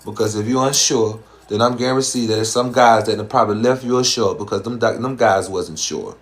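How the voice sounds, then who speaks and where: A man from the American South talks in a fairly low voice, his Southern accent plain throughout. He hosts a casual live stream and slips into slangy, profane, rhyming streetwise patter. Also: a little fast. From Southern US, Georgia.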